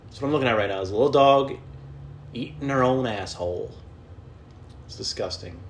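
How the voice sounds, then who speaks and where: A man's voice: mid-range voice, a little fast, slight background noise. A young adult man hosting a solo podcast from his home, rambling, cursing and making fun of himself as he jumps from topic to topic. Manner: self-deprecating, profane, jumps between topics. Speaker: podcast host and comedian. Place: at home indoors.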